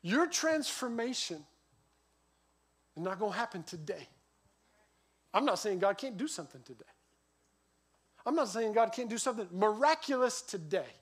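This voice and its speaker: A middle-aged man preaching a sermon as a pastor, telling stories with a lively voice that rises and drops sharply. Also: sits high, normal speed, long pauses. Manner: lively storytelling, voice rising and dropping sharply.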